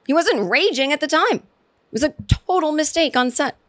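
A woman's voice: high voice, normal speed. A middle-aged American woman hosting her own podcast, rambling and sarcastic in casual solo commentary. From United States. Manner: rambling, animated, sarcastic asides. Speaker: podcast host.

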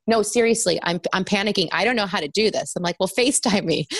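A woman's voice: mid-range voice, fast, hardly any pauses, no echo. A woman in her thirties chatting in an interview, telling stories with lots of laughter. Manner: chatty, laughing, animated storytelling. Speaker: guest actress. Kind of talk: casual interview chat.

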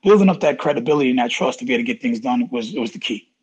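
Fast-talking husky man, emphatic. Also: mid-range voice, lively intonation, low-quality recording. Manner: emphatic, repeats key phrases for stress. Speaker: interview guest, college athletics administrator. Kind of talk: casual interview chat.

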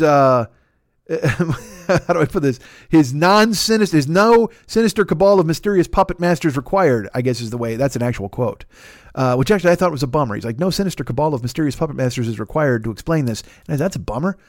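A man hosting a podcast, doing a comedic ad read in a profane, rambling, animated riffing way. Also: a little high, dry recording, studio quality. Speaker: podcast host reading an ad.

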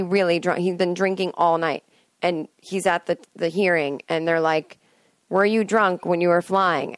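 A woman's voice: on the low side, dry recording. Chatty woman rambling on a podcast. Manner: chatty, digressive, sings snippets and acts out voices. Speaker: podcast host. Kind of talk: casual solo monologue. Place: in bed at home.

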